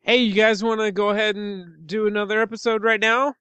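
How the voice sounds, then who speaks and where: High-voiced joking podcast host. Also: male voice, steady tone, a little fast, pushed and bright, clean tone, dry recording. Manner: jokey, rambling outro delivery. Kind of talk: casual chat.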